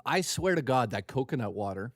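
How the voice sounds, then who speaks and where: A man hosting a live reaction stream, joking loudly, swearing and rambling crudely at a desk mic. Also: mid-range voice, expressive, a little fast, no echo.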